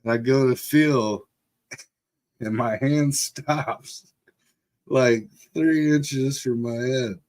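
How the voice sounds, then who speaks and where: A man's voice: medium pitch, drawn-out words, long pauses, a little mellow. A middle-aged man from Texas telling a rambling story on a livestream, with lots of fillers and frequent laughs. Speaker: livestream host. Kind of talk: casual storytelling.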